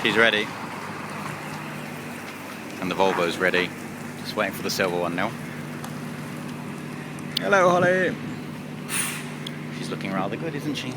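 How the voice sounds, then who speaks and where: A man vlogging outdoors and from truck cabs, excitable and laughing often in casual commentary. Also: sits low, fast. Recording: loud engine and traffic noise.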